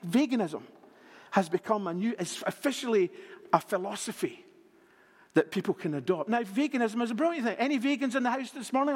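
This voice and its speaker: Man, preacher, sermon, high voice, hushed emphasis, long church-hall reverb. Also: slightly rough. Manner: expressive, drops to a hush on key words.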